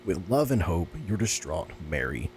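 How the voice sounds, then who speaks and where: A man's voice: big pitch swings, moderate pace, a little hiss or hum. A man reading as a sad little girl's letter. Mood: sorrowful. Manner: soft, low, subdued reading. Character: sad young girl writing a letter.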